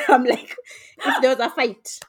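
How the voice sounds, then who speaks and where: A woman's voice: high-pitched, a little slow, breathy edge. A woman co-hosting a podcast, from Kenya, teasing her friends and laughing as she talks. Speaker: podcast co-host. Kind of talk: casual chat among friends.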